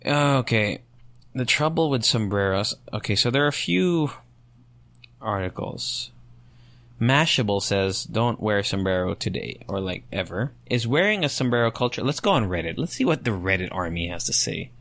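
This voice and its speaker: Gravelly young man musing aloud. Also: fairly low pitch, expressive, normal speed, no room sound. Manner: thinking out loud, rambling with restarts and rhetorical questions. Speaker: podcast host. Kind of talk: solo podcast commentary, reading comments aloud.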